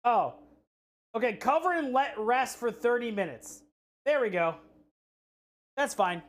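An unhurried, expressive voice of medium pitch belongs to a live-stream cook chatting with the audience. Profane, rambling anecdotes with restarts fill the gaps between recipe steps.

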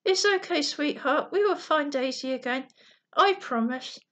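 A woman reading a bedtime storybook, voicing a gentle father who comforts his crying daughter. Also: high voice, animated, measured pace, muffled recording. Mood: tender. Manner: soft, soothing.

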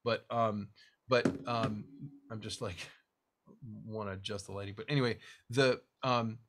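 A man teaching a guitar lesson one-on-one, explaining technique as he demonstrates, swinging between lively stressed phrases and quiet asides. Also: on the low side, a little slow. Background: guitar strumming.

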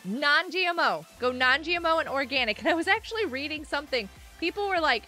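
A woman's voice: sits high, expressive, a little fast, few pauses, bright, forceful tone, faint music behind. A woman streaming a game, chatting and rambling casually into her microphone, laughing often and breaking into sudden squeals. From United States. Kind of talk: casual live-stream chat while gaming.

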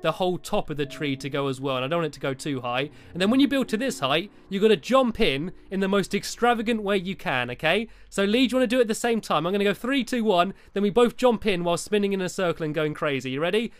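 A man's voice: sits high, expressive, fast talker, hardly any pauses, no echo. A man giving chatty, giggly commentary over his own game, chivvying his helpers along. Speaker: Minecraft video host. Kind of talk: casual gameplay commentary.

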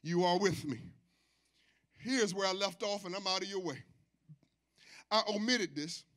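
Man, pastor, preaching in a church, high and bright voice, call-and-response, soft to shouting. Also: unhurried. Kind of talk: sermon. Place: church sanctuary.

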